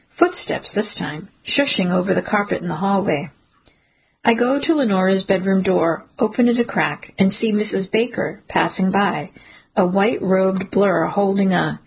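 Husky, gravelly woman narrating a suspense story. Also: medium pitch, low-quality recording. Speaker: audiobook narrator. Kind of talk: first-person suspense narration.

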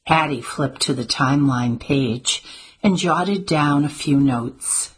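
Low, breathy woman narrating slowly. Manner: calm, measured storytelling. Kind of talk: audiobook narration.

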